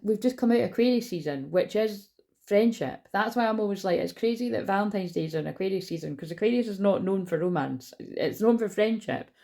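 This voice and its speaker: With a warm, animated mid-range voice, some vocal fry and a fairly quick pace, a woman does a casual tarot reading on her vlog. She's rambling and chatty, swears casually and often loses her train of thought, all captured on a phone.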